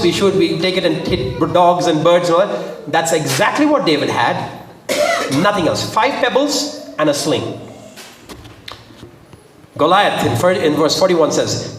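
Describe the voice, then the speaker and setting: A high-voiced man preaches with great animation, his pitch swinging widely as he acts out the quoted lines. He sounds set back from the microphone in a roomy, echoing space. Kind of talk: sermon. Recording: echoey, from a distance.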